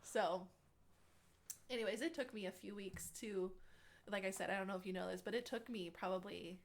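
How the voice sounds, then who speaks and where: A woman's voice: medium pitch, fairly even intonation, moderate pace. A young woman, an interview guest, tells a personal story in a chatty way, full of "like" and acted-out quotes. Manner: chatty, many "like" fillers, acts out quotes. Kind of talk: casual storytelling.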